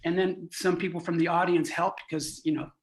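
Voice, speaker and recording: A man, a clown, telling a lively anecdote in a conversation, laughing and restarting as he goes. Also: on the high side, a little fast. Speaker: clown and co-founder guest. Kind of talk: animated storytelling.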